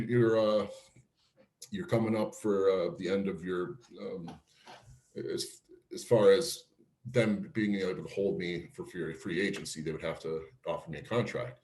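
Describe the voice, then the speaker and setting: A former pro pitcher from Cleveland telling career stories in a casual interview, laughing often and acting out quotes. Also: male voice, normal speed, reverberant. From Cleveland, Ohio. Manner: animated storyteller, laughs often, acts out quotes.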